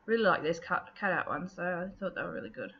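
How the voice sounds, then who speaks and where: A woman talking casually through her scrapbooking process, relaxed and chatty, with plenty of ums and thoughts that trail off. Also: fairly low pitch, fast talker. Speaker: scrapbooking video host. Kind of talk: casual craft process narration. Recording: dull lo-fi with faint noise.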